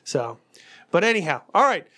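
A man's voice: sits high, normal speed. A man co-hosting a casual podcast, joking and swearing as he reviews games and chats about books. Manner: profane, joking, animated. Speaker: podcast co-host.

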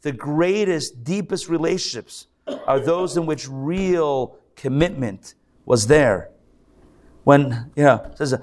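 A man who is a rabbi, giving a lively live sermon to a congregation, joking and acting out mock quotes in between his points. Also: fairly high pitch, slow pace. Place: synagogue hall.

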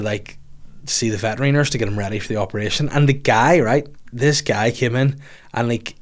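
Bloke rambling thru a funny story, swears a lot, chatty. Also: male voice, mid-range voice. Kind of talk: casual storytelling chat.

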